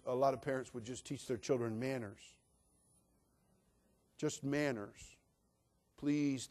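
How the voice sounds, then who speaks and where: A male pastor with a mid-range voice preaches a sermon in a folksy, emphatic style. He swings between hushed asides and loud declarations.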